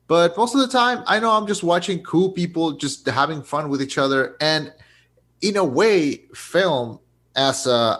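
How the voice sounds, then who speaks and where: A man's voice: mid-range voice, fairly bright tone. A young man co-hosting a casual movie review podcast, rambling with many restarts and frequent laughter. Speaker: podcast co-host.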